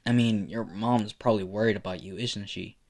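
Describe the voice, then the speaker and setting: A man's voice: lowish voice, steady tone, fairly quick, darkish tone. A man voicing a cocky, teasing teenage boy hero in a casual, drawling way with lots of fillers. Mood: exasperated.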